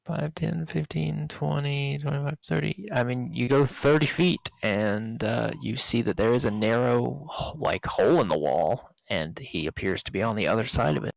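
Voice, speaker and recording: A man's voice: medium pitch, creaky, no echo. A man running a tabletop game as game master, narrating loosely with many restarts. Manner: loose, halting, lots of fillers and restarts.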